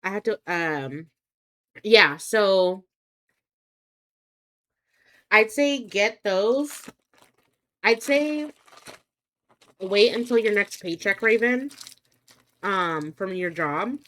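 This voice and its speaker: Young adult woman, live streamer, casual chat, rambling, hesitant, lots of ums and restarts, mid pitch. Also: expressive, extremely slow, pauses often, fairly bright tone. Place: home streaming setup.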